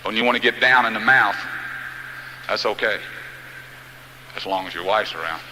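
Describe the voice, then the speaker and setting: A man's voice: fairly low pitch, moderate pace, reverberant, big-room sound, noisy background. A man giving a live motivational speech, telling folksy, humorous stories to his audience. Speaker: motivational speaker.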